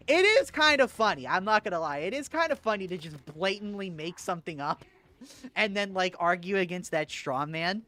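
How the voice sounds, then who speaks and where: A young male streamer talks loosely while he plays, cracking profane jokes and laughing at his own bits. His voice sits high and sounds bright. A faint noise hangs under the recording. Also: expressive, normal speed. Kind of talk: casual gaming livestream chat.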